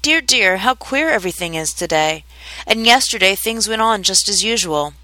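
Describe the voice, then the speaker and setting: A woman's voice: mid-range voice, lively intonation, moderate pace, bright, forceful tone, no echo, low-quality recording. A woman voicing a curious, fretful little girl who chatters and wonders aloud to herself in a storybook reading. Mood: puzzled.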